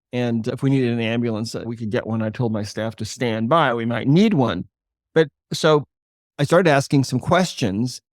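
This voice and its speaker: Older man, podcast guest, earnest measured storytelling, dry close sound. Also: medium pitch, darkish tone, no room sound. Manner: earnest, measured explainer who slows for emphasis. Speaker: guest, holistic chiropractor.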